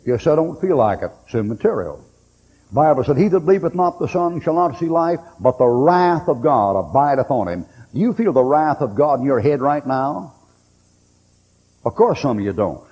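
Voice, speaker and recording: A man's voice: mid-range voice, very animated, moderate pace, a little mellow, slightly rough, lo-fi sound. A man preaching a sermon in a folksy storytelling way, acting out the voices in his stories. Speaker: pastor. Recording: reverberant hall recording.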